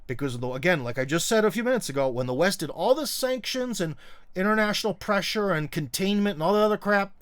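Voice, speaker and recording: A man's voice: sits high, animated, quick pace, fairly bright tone, clear, resonant tone. A middle-aged man hosting a livestream, talking bluntly and sarcastically with lots of fillers and restarts as he reads comments. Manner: blunt and sarcastic, frequent fillers and restarts, mocking put-on voices. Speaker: live stream host. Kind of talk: casual opinion livestream reading comments.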